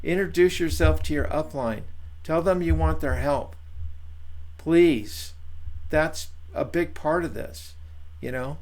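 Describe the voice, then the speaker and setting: A man's voice: a little high, takes it slowly, a little mellow. A man leading a training session on a video call, chatty and encouraging, with plenty of fillers. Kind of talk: casual coaching on a video call.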